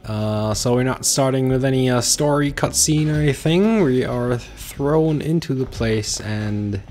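Male let's-play host, halting casual commentary, medium pitch, soft game music under him. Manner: halting, with many uh fillers, reads game text aloud.

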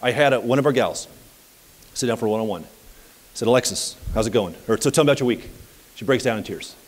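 A man coaching at a live seminar, telling anecdotes in an energetic, conversational way. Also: mid-range voice, fast, long reverb tail. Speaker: property management business coach. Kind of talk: live seminar talk with audience questions.

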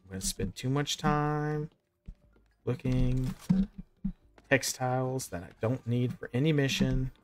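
A man's voice: medium pitch, vocal fry, a little mellow. A man in his thirties with a Southern American accent, chatting casually to viewers while narrating his gameplay. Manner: chatty, talks to himself and to chat while playing. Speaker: game streamer. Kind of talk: live gameplay commentary.

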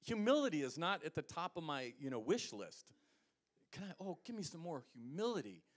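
Man, pastor, American accent, sermon, animated delivery, loud peaks and hushed asides. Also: a little fast. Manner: animated preaching, swings from loud emphasis to low asides.

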